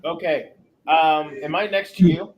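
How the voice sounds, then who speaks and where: A man's voice: on the high side, steady tone, a little slow, lo-fi sound. A man playing a tabletop game, stating his character's actions plainly and directly. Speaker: player. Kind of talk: casual tabletop game play.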